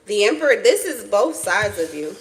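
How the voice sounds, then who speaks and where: A woman's voice: medium pitch, very animated, moderate pace, poor audio. A woman giving a casual tarot reading to her viewers, blunt and profane, with emphatic repetition. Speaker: tarot reader.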